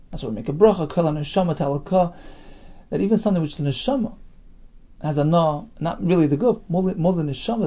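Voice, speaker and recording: A man's voice: sits high, warm tone, highs cut off. A man teaching a Talmud class, reading the Aramaic phrase by phrase and translating each into English.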